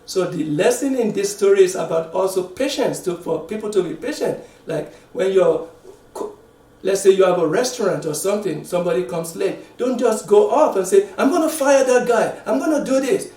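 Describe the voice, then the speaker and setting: A man giving a sermon, halting and repeating words, dropping to a quiet voice to stress a point. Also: high voice, animated. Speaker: preacher. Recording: echoey room, mic at a distance.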